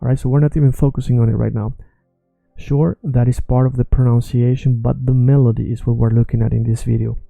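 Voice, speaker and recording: Gravelly-voiced man teaching pronunciation. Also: medium pitch, flat delivery, mellow, dry recording, faint music behind. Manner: repeats words slowly to model pronunciation. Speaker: language teacher. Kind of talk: pronunciation lesson.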